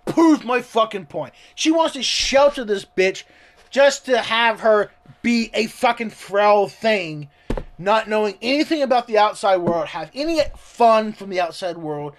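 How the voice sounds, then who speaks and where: A man reading a story aloud and ranting about it in excitable, profane commentary. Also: sits high, a little slow. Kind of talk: ranting read-along commentary.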